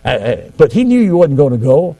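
Fervent man preaching with lively swings. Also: fairly high pitch, fairly quick. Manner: fervent, swinging from quiet asides to loud exclamations. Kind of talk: sermon.

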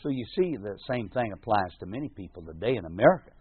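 A man's voice: lowish voice, sing-song, fast talker, husky. A man preaching a sermon in an earnest, repetitive manner, often restarting his words and lifting his voice when he quotes scripture. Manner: reads scripture in King James phrasing with rising emphasis. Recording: tinny phone-like sound, dry.

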